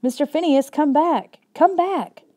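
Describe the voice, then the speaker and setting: A woman voicing a mischievous boy who shouts in panic after his runaway dog. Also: high-pitched, measured pace, voice pushed up. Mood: panicked.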